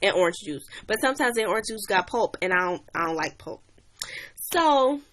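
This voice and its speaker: A woman's voice: mid-range voice, lively intonation, brisk, a bit bright, slight background noise. A young woman chatting on a livestream, animatedly telling a story and greeting new viewers. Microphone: webcam or phone mic.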